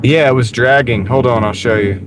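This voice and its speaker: Regular-pitch guy talking to chat while driving, relaxed, loud road noise in the car. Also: normal speed. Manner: laid-back, answers chat by name, mutters over order offers. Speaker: delivery driver streaming live. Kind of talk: casual live-stream chat. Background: car engine and road noise.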